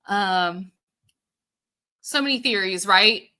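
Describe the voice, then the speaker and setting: Woman host, casual live chat, unhurried delivery, lots of fillers, answering viewer comments. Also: mid-range voice, sharp tone. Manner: chatty, thinking aloud with many fillers. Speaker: show host.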